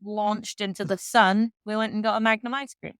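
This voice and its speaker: A woman from England with an English accent, a guest telling a story in casual chat, frank and animated, swearing freely. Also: medium pitch, normal speed, smooth, no room sound. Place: hostel room.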